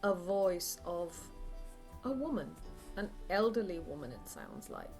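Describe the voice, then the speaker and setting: Woman game master, slow measured narration, faint music. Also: on the low side, wildly swooping pitch, gravelly, a little mellow. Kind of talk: narrating a tabletop horror game.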